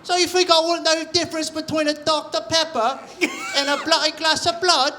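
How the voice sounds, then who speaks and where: A man voicing a peevish male British mosquito with a put-on British accent and an indignant, squeaky delivery, on a live comedy stage. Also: level tone, brisk, background noise.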